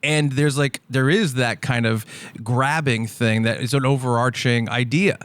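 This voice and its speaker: A man's voice: medium pitch, fairly even intonation, unhurried, fairly bright tone, smooth, no room sound. A man co-hosting a podcast in casual chat, enthusiastic and chatty.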